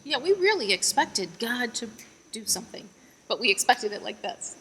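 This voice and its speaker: A woman's voice: on the high side, sing-song, moderate pace, fairly bright tone, slight background noise. A mother giving an earnest faith testimony in an interview, retelling her prayers with rising emphasis. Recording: long echoing reverb.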